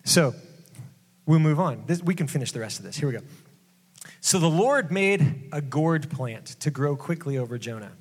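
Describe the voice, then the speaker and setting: A male pastor giving a casual sermon, conversational and jokey with quick asides. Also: a little high, lively intonation, slightly rough. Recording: long hall reverb.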